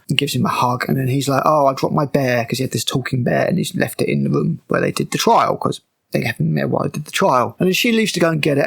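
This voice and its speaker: A man's voice: mid-range voice, gravelly, a bit bright, slightly rough. A man recapping and tearing apart a TV episode with sarcastic, exasperated commentary and frequent swearing. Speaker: show reviewer.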